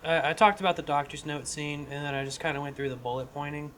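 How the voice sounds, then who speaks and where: A man co-hosting a podcast, casually pitching a comedy script with profanity and lots of restarts. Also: fairly even intonation, fast talker, crowd noise. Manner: rambling, profane, frequent restarts. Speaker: podcast co-host.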